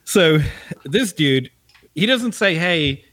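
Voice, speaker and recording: A man's voice: on the high side, normal speed. A man casually telling an annoyed story on a podcast, swearing and laughing a lot as he goes. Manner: animated, profane, laughing often.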